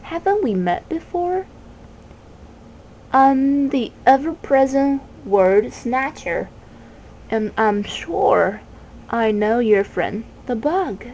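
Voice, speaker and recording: A woman's voice: a little high, sing-song, takes it slowly, a little mellow, slight background noise, full character voice, rough recording. A woman voicing a sneering, cackling filthy bird. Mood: mocking. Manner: mocking, wordplaying taunts. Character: malicious dirty old male bird, cackling and haughty. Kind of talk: storybook reading.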